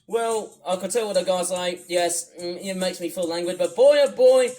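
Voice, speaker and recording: A man from the UK rambling through a livestream commentary, wordy and repetitive, swinging between loud bursts and low mutters. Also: normal speed, poor audio. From United Kingdom. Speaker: YouTuber. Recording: faint music under the voice. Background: music playing.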